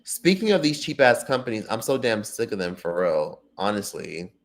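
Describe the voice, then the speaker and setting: Reading viewer comments on his laid-back livestream, the host talks at a normal speed. He curses freely and gets worked up, his loud bursts dropping off into low mumbles.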